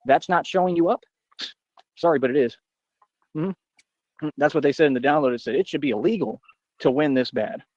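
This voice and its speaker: Fast-talking man ranting on a stream. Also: medium pitch, a little mellow, no echo, dull audio. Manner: boastful, confrontational, rambling. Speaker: livestreamer. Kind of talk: ranting monologue on a livestream.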